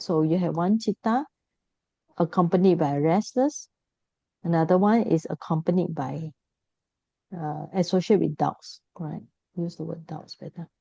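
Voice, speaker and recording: A woman's voice: fairly low pitch, gravelly, dark tone, dry recording, highs cut off. A woman teaching a Buddhist class, explaining patiently, repeating key points and correcting herself.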